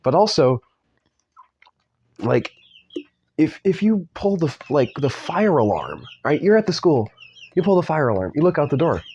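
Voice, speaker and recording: Middle-aged man, read-aloud with sarcastic commentary, mocking asides, lively up-and-down voice. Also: on the high side, normal speed, pauses often, muffled recording, a little hiss or hum. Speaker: parent reading a book aloud.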